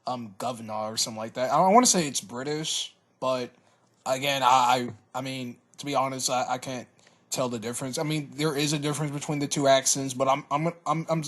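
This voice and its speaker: A man giving a casual cartoon episode review, hesitant, often repeating words and filling pauses. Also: medium pitch, fairly even intonation, a bit bright. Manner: hesitant, stammers and repeats words, many fillers.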